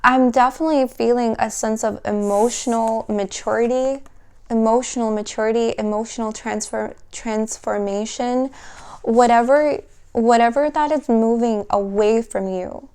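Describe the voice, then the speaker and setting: A woman giving an intuitive tarot reading, talking softly and slowly in a dreamy way, often trailing off and starting her sentences again. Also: on the high side, fairly even intonation, smooth. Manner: soft, slow and dreamy, trailing off and restarting; emotional, at times laughing through tears. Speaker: tarot reader.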